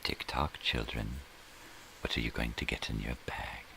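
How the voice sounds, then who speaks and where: A man doing an impression of an actor playing a menacing, creepy old Santa Claus, speaking in a slow, sinister, teasing way. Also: extremely low pitch, flat delivery, gravelly, pushed and bright, slight background noise, heavily acted, poor audio.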